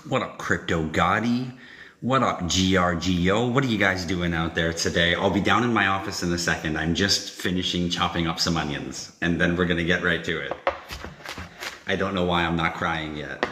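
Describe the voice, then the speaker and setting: A man's voice: low-pitched, normal speed. A man hosting a casual live stream from home, chatting loosely with viewers, joking and swearing freely, picked up without a proper microphone. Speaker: livestream host. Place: echoey room at home, kitchen. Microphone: no proper microphone, device mic. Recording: echoey room, faint noise.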